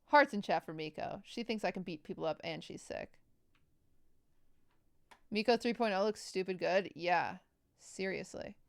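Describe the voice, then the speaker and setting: A woman's voice: medium pitch, moderate pace, creaky, long pauses, no room sound. A woman streamer chatting casually and jokingly with her live chat, thanking subscribers as she goes.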